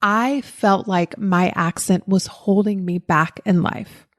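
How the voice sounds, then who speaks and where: A woman from the Southern United States with a faint Southern accent, a podcast host giving a motivational talk and telling a personal story in a lively way. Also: mid-range voice, slow. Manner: lively storytelling, acts out quoted voices. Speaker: podcast host and life coach.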